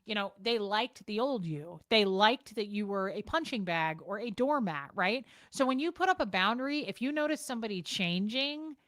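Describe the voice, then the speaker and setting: A woman's voice: medium pitch, a bit bright, dry recording, clean studio sound. A woman vlogger ranting frankly and with exasperation, swearing and repeating herself as she talks to the camera. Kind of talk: casual talking-to-camera rant.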